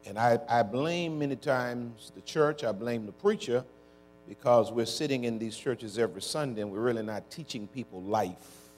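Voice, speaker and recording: A man's voice: medium pitch, moderate pace, a little mellow. Pastor guy talking church folks through it, call and response, y'all and ain't, faint music under him. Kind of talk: conversational sermon. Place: church before a congregation.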